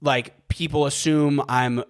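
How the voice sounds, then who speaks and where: A man's voice: a little high, fairly even intonation, takes it slowly. A young American man hosting a podcast alone, talking in a loose, rambling way, full of fillers and casual swearing. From United States. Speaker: podcast host. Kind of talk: casual solo podcast monologue.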